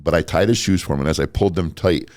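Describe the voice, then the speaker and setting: Deep-voiced blunt male podcast host. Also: fast, darkish tone, dry recording. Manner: blunt, swears freely. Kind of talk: casual interview storytelling.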